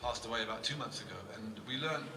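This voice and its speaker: A man performing on stage, telling halting, chuckling anecdotes between songs. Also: medium pitch, background noise. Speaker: performing musician. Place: live concert stage. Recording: echoey live hall from far off with music.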